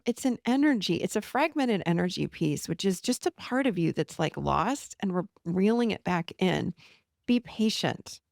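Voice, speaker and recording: A woman in her forties hosts a podcast and teaches a self-help method, coaching her listeners gently and reassuringly. She speaks in an animated voice of middle pitch. Her voice is recorded dry and close, with no room sound. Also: creaky, no room sound. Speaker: podcast host and therapist.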